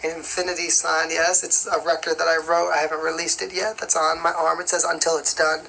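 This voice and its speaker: A woman's voice: low voice, little pitch movement, brisk, gravelly, bright, forceful tone, a little hiss or hum, low-quality recording. A young woman singer answering fan questions in a casual live-stream chat, rambling along with lots of "like" and "you know".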